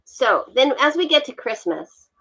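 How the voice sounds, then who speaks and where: A woman's voice: high voice, very animated, unhurried, fairly bright tone. A woman talking casually about wine and sonnets on a livestream, chatty and hesitant with fillers and restarts. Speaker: wine guest. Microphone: video call. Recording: dull lo-fi call audio.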